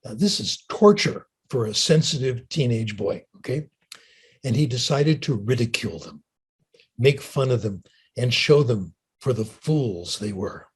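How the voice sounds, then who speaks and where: Older man, husky voice, relaxed storytelling lecture, frequent "okay?". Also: medium pitch, measured pace. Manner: chatty, storytelling, keeps asking "okay?". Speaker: linguist giving a talk. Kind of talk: lecture with audience Q&A.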